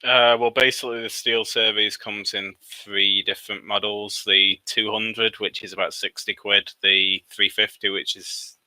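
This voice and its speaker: A man's voice: fairly low pitch, little pitch movement, a little slow, hardly any pauses, bright, forceful tone, no echo. A man from the UK chatting on a podcast as a returning guest, with brief, dry remarks. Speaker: podcast co-host. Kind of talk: casual podcast chat.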